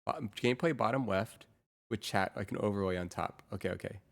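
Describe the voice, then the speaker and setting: A woman's voice: extremely low pitch, fast talker, creaky. A woman streamer chatting casually with her viewers through a real-time AI voice changer, muttering to herself while she sets up her screens. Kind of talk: casual live-stream chat.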